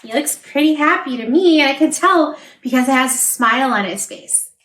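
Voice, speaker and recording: Female children's librarian, high lively storytime voice, slow and echoey. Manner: animated, sound effects and questions to kids. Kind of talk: reading a picture book aloud to children.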